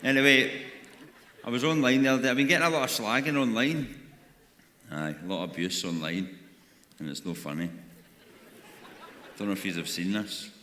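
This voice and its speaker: This Scottish comic from Glasgow speaks at a normal speed in a lowish, pushed and bright voice, pausing often. His arena stand-up set is crude and full of swearing as he mocks and banters with the audience, and the audio echoes with crowd noise.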